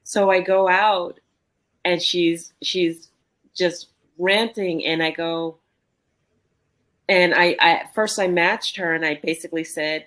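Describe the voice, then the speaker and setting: Low-voiced woman telling a lively story. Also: a little slow. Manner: animated, re-enacts dialogue in her story. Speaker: podcast co-host. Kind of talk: conversational storytelling.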